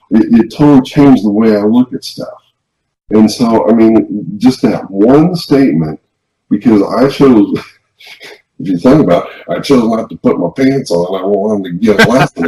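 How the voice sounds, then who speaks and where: Low, mellow man in a roomy recording. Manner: rambling storyteller, many restarts. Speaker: podcast co-host. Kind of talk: casual conversation, telling a personal story. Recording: roomy, dull lo-fi sound.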